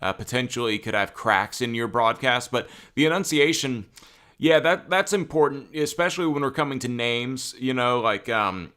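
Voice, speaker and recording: A young man co-hosting a casual sports-broadcasting chat, talking conversationally with many fillers and getting animated when excited. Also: mid-range voice, normal speed. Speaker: co-host.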